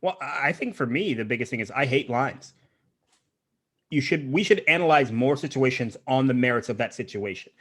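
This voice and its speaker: A man's voice: mid-range voice, animated, fairly bright tone. A man speaking as a podcast guest in a casual interview, emphatic and running his points together in long strings. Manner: fast, emphatic, talks in run-on strings of points.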